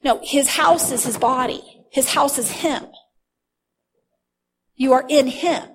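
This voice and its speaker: Woman preaching, high voice, earnest, leans on words slow. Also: breathy edge. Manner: earnest teaching with emphatic slowed words. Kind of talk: sermon.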